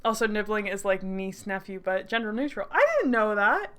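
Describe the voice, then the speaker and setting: A woman's voice: mid-range voice, expressive, moderate pace, a bit bright. A young woman streamer, giddy and swearing freely, reacting to and reading a story game aloud with lots of laughter. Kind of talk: excited let's-play commentary and reading aloud.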